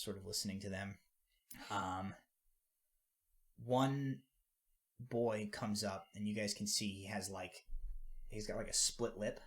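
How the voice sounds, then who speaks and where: A man's voice: lowish voice, a bit bright. A man narrating as game master of a tabletop role-playing game, casual with lots of fillers. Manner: casual, many fillers and restarts.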